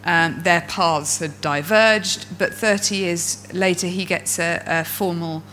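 A woman coach speaks to a room of fellow coaches in a bright, ringing voice that sits slightly low in pitch. She tells stories with expressive energy and brings the inner voices she describes to life. Faint music plays in the background. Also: takes it slowly, poor audio. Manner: expressive storyteller who acts out inner voices. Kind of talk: presentation to an audience of coaches.

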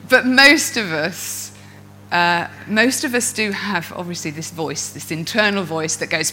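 A woman's voice: lowish voice, measured pace, soft background music, rough recording. A woman coach giving a talk to fellow coaches, telling stories expressively and acting out inner voices. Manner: expressive storyteller who acts out inner voices. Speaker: coach and speaker. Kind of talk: presentation to an audience of coaches.

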